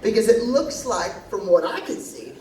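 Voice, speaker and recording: A man's voice: sits high, animated, normal speed, darkish tone, slight background noise. A man voicing a blunt, motherly woman counselor who curses and calls people pet names. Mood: doting. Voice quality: sassy, profane, doting. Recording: echoey live hall, distant mic, crowd.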